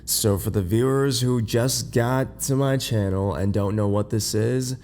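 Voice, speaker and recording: A man hosting a casual, rambling podcast from his bed. He has just woken up, and his voice is deep and a little congested. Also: a little slow, a little mellow, slight background noise. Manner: rambling, many fillers and restarts. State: groggy, just woke up. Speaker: podcast host. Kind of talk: casual unscripted podcast monologue. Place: in bed at home.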